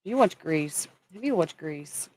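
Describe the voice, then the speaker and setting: A woman's voice: low voice, animated, moderate pace, darkish tone, slightly rough. A woman from Kentucky hosting a casual livestream, chatting and greeting viewers by name as she talks. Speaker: livestream host.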